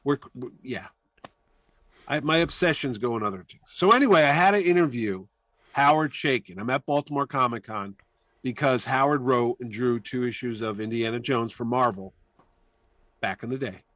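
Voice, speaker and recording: A man in a relaxed interview, spinning long anecdotes with lively energy. His voice sits in a middle register, and the recording sounds dry and close. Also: medium pitch, moderate pace, no echo. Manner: animated storyteller, talks through anecdotes. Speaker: comic convention organizer, podcast guest; weekly radio show host. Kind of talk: casual storytelling interview.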